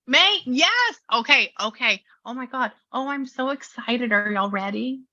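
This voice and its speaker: A chatty woman with a Southern US accent leads a psychic session over a video call. Her voice is bright and clear, and she rambles with lots of filler words. The call audio comes through dull and lo-fi. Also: a little high, lively intonation, a little slow. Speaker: psychic medium. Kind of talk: casual chat on a video session. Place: her new studio.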